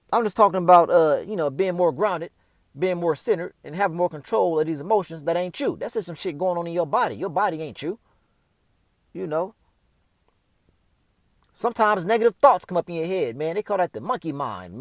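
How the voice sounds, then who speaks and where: A male host offers casual, off-the-cuff spiritual advice, speaking straight to the listener in loose slang. His voice sits high, with no echo.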